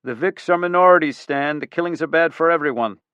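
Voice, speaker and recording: A man's voice: on the high side, brisk, bright, forceful tone, smooth, dry recording, lo-fi sound, pitched above the performer's own voice. A man voicing an anxious police commissioner who presses hard with a wailing tone.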